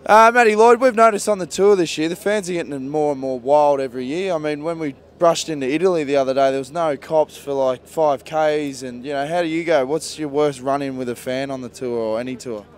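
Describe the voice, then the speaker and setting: A man's voice: fairly high pitch, fairly quick, hardly any pauses, clean tone. An Australian man interviewing riders outdoors at a bike race, casual and jokey, full of slang. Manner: matey and jokey, Aussie slang. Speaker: roadside interviewer.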